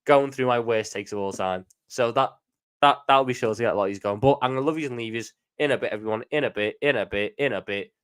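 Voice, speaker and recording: A man's voice: mid-range voice, fast, a bit bright, clean tone. A man with a Scouse accent chatting casually on a live stream, reading viewer questions and answering them off the cuff.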